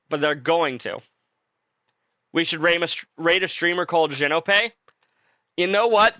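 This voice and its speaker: A man's voice: fairly high pitch, bright, forceful tone, clean tone, no room sound, lo-fi sound. A man streaming a video game, chatting casually and jokingly with his viewers. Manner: laid-back, joking, talks to chat. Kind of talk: casual live-stream chat.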